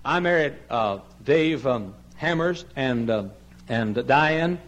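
In his church sanctuary, a pastor preaches a sermon, swinging from soft pleading to loud, shouted emphasis. His mid-range voice has lively intonation and a slow pace, and he tells stories while mimicking the people he quotes.

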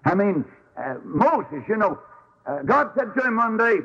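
A man preaching a sermon, telling stories in an animated, folksy way and acting out the quotes. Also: high-pitched, measured pace, creaky, slightly rough, muffled recording.

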